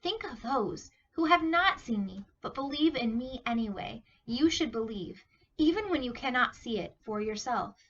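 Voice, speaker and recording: Woman reading as a gentle, solemn storybook Jesus. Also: on the high side, lively intonation, moderate pace, dull audio.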